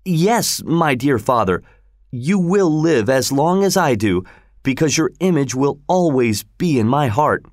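A selfish young nobleman, as a male reader plays him, answering with hollow, earnest devotion. The reader lifts his pitch for the role and keeps the delivery measured. The sound is dry and close. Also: animated, no room sound, natural voice. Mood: falsely earnest. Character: selfish young nobleman, falsely dutiful son.

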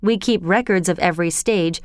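A woman's voice: lowish voice, fairly quick, no room sound, clean studio sound, natural voice. A woman voicing an earnest, courteous older male colonel in a storybook reading. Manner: earnest, reassuring.

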